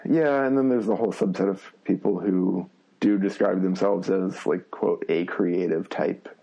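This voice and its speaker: Casting: man, low husky voice, wry self-mocking podcast talk. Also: steady tone, moderate pace, dark tone, muffled recording. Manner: self-deprecating, rambling with fillers and laughs. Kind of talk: casual chat.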